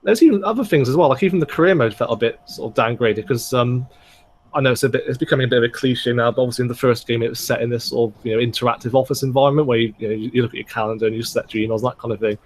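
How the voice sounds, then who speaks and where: A man's voice: medium pitch, rapid-fire, slight background noise. A man hosting a podcast, giving blunt, critical opinions on games in casual chat. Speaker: podcast host.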